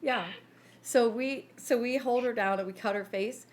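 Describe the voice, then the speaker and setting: A woman's voice: fairly high pitch, moderate pace. A woman co-hosting a casual chat podcast, telling stories with lots of laughter and acted-out quotes. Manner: animated storyteller, laughs often, acts out quotes. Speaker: podcast co-host.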